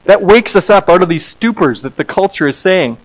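A man, an associate pastor, preaching a sermon in an animated way, acting out quoted voices and repeating words as he goes. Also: high-pitched, a little fast, low-quality recording.

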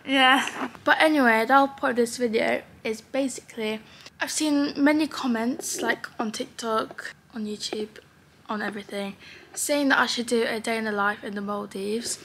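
A woman's voice: a little high, moderate pace, breathy edge. A teenage girl from the UK chatting casually to her vlog viewers in a tired morning voice, often dropping almost to a whisper. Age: teens. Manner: sleepy, soft morning voice, often near a whisper. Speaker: vlogger.

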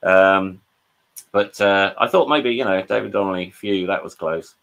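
A man's voice: deep voice, a little slow, gravelly, fairly bright tone, highs cut off. An English man, a drummer, talking over a video call and telling rambling anecdotes with quoted voices and frequent restarts. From England. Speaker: guest, drummer. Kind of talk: casual storytelling interview.

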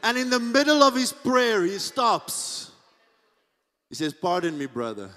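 Male pastor, high-pitched, bright preaching voice, recorded with long church reverb. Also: big pitch swings, a little slow. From South Africa. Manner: preaches with big swings between hushed asides and shouted peaks. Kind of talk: sermon.

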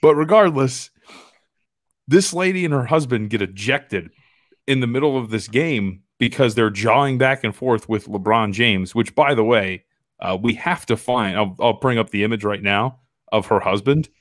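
A man's voice: mid-range voice, normal speed, no echo, studio quality. A man co-hosting a casual sports podcast, joking and laughing often as he reacts to what he finds online. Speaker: podcast co-host. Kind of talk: casual chat.

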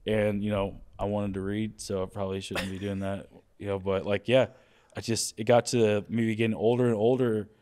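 A man's voice: on the low side, moderate pace. A man with a Southern US accent, a comedian chatting on a podcast and acting out quotes with laughter. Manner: animated, laughing, acts out quotes. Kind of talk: casual podcast chat.

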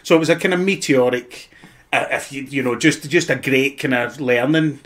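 A man's voice: mid-range voice, normal speed. A Scottish actor in his forties, telling anecdotes in a casual podcast chat, swearing freely and acting out what people said. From Scotland. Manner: swearing storyteller, acts out quotes. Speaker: guest actor.

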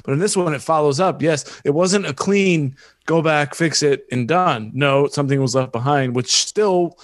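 A man hosts a film podcast, asking questions and reasoning out the logic of the story. His voice sits at an ordinary pitch and sounds dry and close. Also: moderate pace, no echo. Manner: inquisitive, reasoning things out. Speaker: podcast host. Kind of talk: casual film discussion.

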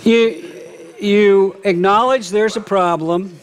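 A middle-aged man preaching a sermon as lead pastor, lively, often acting out quoted remarks. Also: high-pitched, slow, crowd noise. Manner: animated, acts out quoted speech. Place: church.

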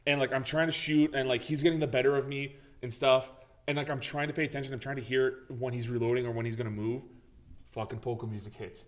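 A man's voice: mid-range voice, fast talker. A man co-hosting a casual gaming podcast, telling a story with lots of swearing and acted-out reactions. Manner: animated storyteller, swears freely, acts out his own reactions. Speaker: podcast co-host.

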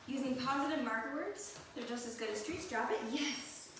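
Young female dog trainer, higher voice, upbeat cue words, distant mic. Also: moderate pace. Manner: upbeat, bright praise cues to the dog. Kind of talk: training demonstration with commentary. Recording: echoey room, mic far off, noisy.

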